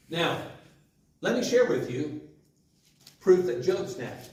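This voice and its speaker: A man's voice: fairly high pitch, big pitch swings, slow pace, darkish tone. A man preaching a sermon in church, talking with the congregation through rhetorical questions. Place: church sanctuary. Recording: very echoey church hall, mic at a distance.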